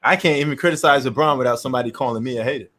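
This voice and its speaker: A man's voice: medium pitch, racing, fairly bright tone. A man from New York hosting a casual sports chat, ranting bluntly and opinionatedly in slangy talk.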